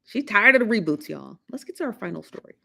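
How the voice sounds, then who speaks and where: A woman's voice: medium pitch, very animated, fast, gravelly, bright, forceful tone. Chatty woman hosting a livestream. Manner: chatty, laughing, teasing the chat. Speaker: live show host. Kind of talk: casual livestream chat.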